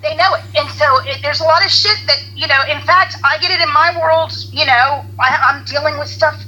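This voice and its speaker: A woman's voice: high voice, a little fast, sharp tone, rough recording. A woman guest on a podcast, talking in a candid, chatty way. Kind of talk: casual chat.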